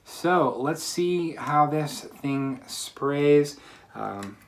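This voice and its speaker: A man vlogging a casual unboxing from a quiet room at home, chatty and upbeat, with plenty of ums and uhs. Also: fairly high pitch, animated, extremely slow, slight background noise. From United States. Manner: chatty, upbeat, many fillers. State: slightly out of breath. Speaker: fragrance reviewer.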